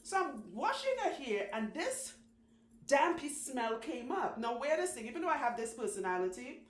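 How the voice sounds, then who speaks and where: A woman who owns a salon, telling long stories in a chatty, animated way and laughing often. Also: a little high. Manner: chatty, animated, laughs often, does quick voices for people she quotes. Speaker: loctician, channel host. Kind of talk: casual storytelling talk. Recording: echoey room with faint background noise.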